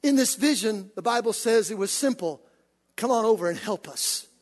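High husky preacher guy, shouting it up, big echoey hall. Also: expressive, moderate pace. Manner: preachy, building to shouts, calls to the congregation. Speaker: pastor. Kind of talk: sermon. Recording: hall reverb.

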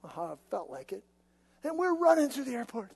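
A man preaching a sermon, telling stories in an animated, conversational way. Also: very high voice, brisk, gravelly, slightly rough. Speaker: pastor. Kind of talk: sermon with personal storytelling. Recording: long reverb of a large hall.

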